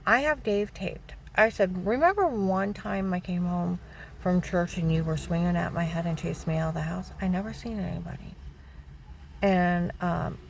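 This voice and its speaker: A woman's voice: mid-range voice, slight background noise. A middle-aged woman vlogging, telling a personal story in a casual monologue and indignantly retelling back-and-forth dialogue.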